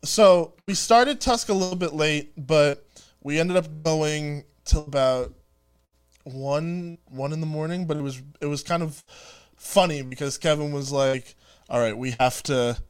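A young man who talks in a slightly high register and tells his stories with real animation, slipping into the voices of the people in them. He sounds like a guest chatting on a podcast. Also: measured pace, clear, resonant tone. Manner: animated storyteller, quotes himself and others. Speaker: guest, actor. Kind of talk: casual chat.

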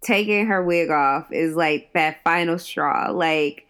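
A woman's voice: sits low, slow pace, a bit bright, smooth. A woman in casual chat about a film, blunt and agreeable. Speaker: co-host recapping a film.

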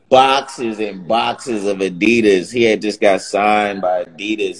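A man's voice: on the low side, low-quality recording. A man, a former sitcom actor, casually telling stories from his days on set in a laid-back, slangy way. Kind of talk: casual storytelling.

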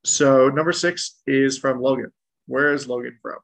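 Gravelly man co-hosting a podcast. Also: mid-range voice, steady tone, moderate pace, a bit bright. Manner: brief, reading out listener questions. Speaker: podcast co-host. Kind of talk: casual sports chat.

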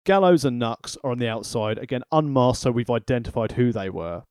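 A man's voice: medium pitch, lively intonation, a little fast, darkish tone, clear, resonant tone, no room sound, studio quality. A man hosting a podcast, giving a sweary, analytical recap in casual chat. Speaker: podcast host.

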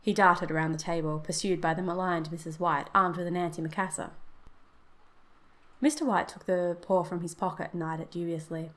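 A woman narrating a classic short story in a steady, measured storybook reading. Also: lowish voice.

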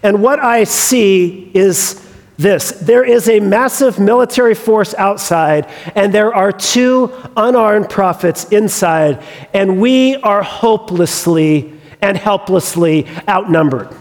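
A man's voice: high-pitched, takes it slowly, long reverb tail. A preacher voicing an anxious young male servant who insists, exasperated, that they are outnumbered.

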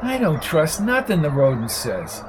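Man putting on a loud brash tough guy. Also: on the high side, huge pitch swings, measured pace, noisy background. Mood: taunting. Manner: yelling, insulting.

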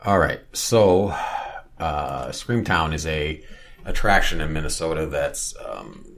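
A man in casual chat who laughs easily and throws in quick asides. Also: a bass voice, expressive, gravelly, fairly bright tone.

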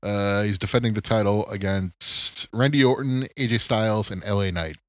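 A man's voice: on the low side, normal speed, dry recording. A man hosting a solo podcast, chatting casually about sports late at night, rambling and self-mocking, tired and yawning. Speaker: podcast host.

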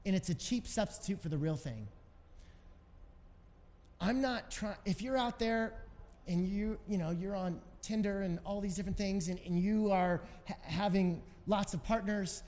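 A man's voice: sits high, lively intonation, unhurried, a little mellow. A man preaching a sermon as pastor, earnest and conversational, in a church hall. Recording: long hall reverb.

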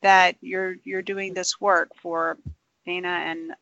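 Bright, encouraging interviewer. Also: mid-range voice, level tone, slow pace, muffled recording, slight background noise. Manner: warm, encouraging, congratulatory. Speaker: interviewer for a cancer charity. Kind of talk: interview questions.

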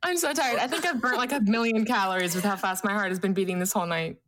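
A woman co-hosting a podcast in casual chat, giggly and excitable, reading a message aloud and laughing herself breathless. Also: mid-range voice, quick pace, slight background noise. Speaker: podcast co-host.

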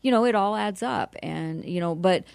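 A woman's voice: mid-range voice, moderate pace, creaky, a little mellow, no room sound. A woman who runs a nonprofit, speaking earnestly as a radio interview guest and spelling out details carefully. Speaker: nonprofit executive director, guest.

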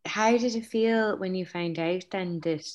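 A woman's voice: on the low side, unhurried, darkish tone, muffled recording. A woman hosting an interview podcast over a video call, emotionally moved and laughing along with her guest. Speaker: podcast host.

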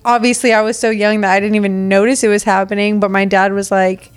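A woman's voice: medium pitch, little pitch movement, quick pace, smooth. A woman chatting casually, telling a story with frequent "like" fillers. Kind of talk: casual chat.

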